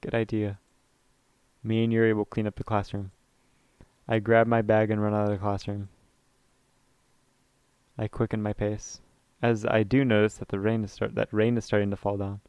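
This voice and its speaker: A man's voice: on the low side, flat delivery, normal speed, long pauses, darkish tone, clear, resonant tone, no room sound. A man reading a visual novel aloud in the first person, with small slips and side comments. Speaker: let's play narrator.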